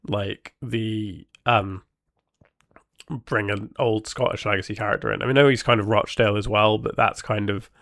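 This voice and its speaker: A man with a low, gravelly voice talks through his ideas on a solo podcast, pausing often and restarting his sentences. The sound is dry and close. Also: fairly bright tone, dry recording. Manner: thinking aloud, many ums and restarts. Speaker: podcast host. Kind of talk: casual solo podcast talk.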